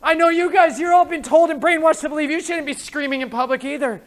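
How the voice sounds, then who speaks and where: A man's voice: extremely high pitch, fast talker, a little hiss or hum. A man preaching a conference sermon, impassioned and emotional, mixing casual slang into his preaching. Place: conference hall.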